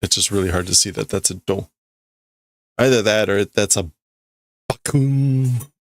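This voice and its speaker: A man's voice: fairly low pitch, a little slow, dry recording, studio quality. A man livestreaming as he reads and translates manga in a casual way, thinking aloud and often stopping to correct himself.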